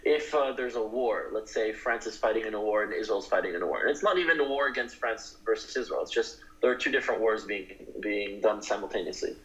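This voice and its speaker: A man's voice: on the low side, fast talker, hardly any pauses, fairly bright tone, lo-fi sound. A man being interviewed, talking earnestly and building to passionate, emphatic declarations. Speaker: guest advocate. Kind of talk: interview talk.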